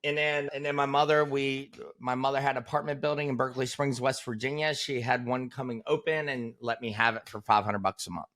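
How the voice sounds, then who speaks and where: Male interview guest in his 40s. Casual, animated storyteller with a brightish, forceful voice. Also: brisk, few pauses. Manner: animated, punchy storyteller who drops "boom" for emphasis.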